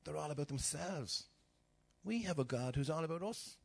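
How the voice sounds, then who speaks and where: A man's voice: fairly high pitch, moderate pace, creaky, breathy edge. A middle-aged man preaching a sermon, telling stories with acted-out voices and sudden drops to a whisper. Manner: animated storytelling, acting out voices, dropping to whispers.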